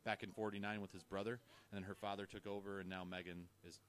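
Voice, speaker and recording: A man from a bakery being interviewed live, giving brisk, matter-of-fact answers. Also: low voice, little pitch movement, a bit bright.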